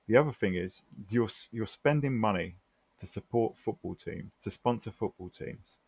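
Gravelly low-voiced man, emphatic. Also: expressive, moderate pace, darkish tone, dry recording. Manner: emphatic, exasperated rhetorical questions. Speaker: podcast co-host. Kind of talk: casual chat.

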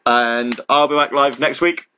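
A man's voice: mid-range voice, fairly even intonation, unhurried, pushed and bright, muffled recording, a little hiss or hum. A man hosting a live internet radio stream, chatting casually and rambling with a jokey manner.

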